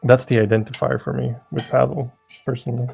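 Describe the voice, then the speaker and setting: A man who runs tabletop games, chatting casually and explaining things in a measured way, repeating words as he searches for the right one. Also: mid-range voice, flat delivery, vocal fry, darkish tone, husky, faint music behind. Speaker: game master. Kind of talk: casual chat.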